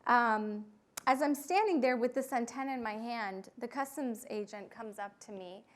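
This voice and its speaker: A young woman pilot telling a flying story to an audience, with frequent fillers and lively quoted voices. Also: a little high, moderate pace. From United States. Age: young adult. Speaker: pilot giving a talk.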